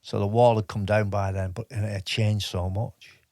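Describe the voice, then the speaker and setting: A man in his fifties recalls his army days in a relaxed interview. He speaks in a low voice and often stops and restarts mid-sentence. The sound is close and dry. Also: no echo. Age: 50s. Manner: halting, with many restarts and fillers. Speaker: podcast guest, army veteran. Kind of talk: casual interview storytelling.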